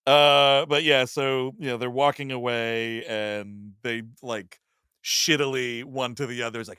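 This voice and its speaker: Bright dry-voiced man recapping a movie. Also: medium pitch, steady tone, unhurried, clean tone, no echo. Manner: profane, jokey, recaps the plot. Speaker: podcast host. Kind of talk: casual chat.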